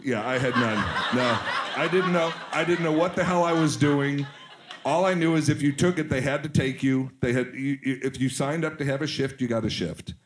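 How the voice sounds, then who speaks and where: A man's voice: mid-range voice, normal speed. Joking man telling stories. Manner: joking, self-mocking storyteller. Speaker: podcast guest, actor. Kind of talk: casual chat.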